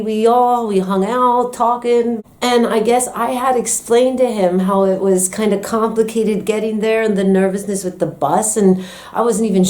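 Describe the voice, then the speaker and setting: American woman, young adult, storytime vlog, mellow tone, acts out her own quotes. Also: medium pitch. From United States. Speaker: storyteller vlogger. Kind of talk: casual storytime.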